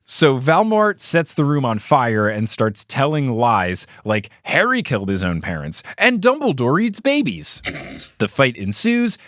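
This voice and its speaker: A man hosting a podcast, recapping a story in a casual, animated way and reading quotes with playful emphasis. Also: medium pitch, measured pace, no room sound, clean studio sound. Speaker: podcast host.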